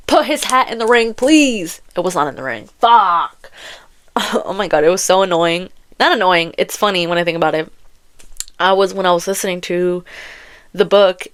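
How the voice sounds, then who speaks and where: Young woman podcaster, smooth clear voice, laughs a lot, swears, super casual slangy book rant. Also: medium pitch. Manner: animated, laughing, profane slang. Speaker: podcast host. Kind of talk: casual chat about books. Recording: audio-only podcast.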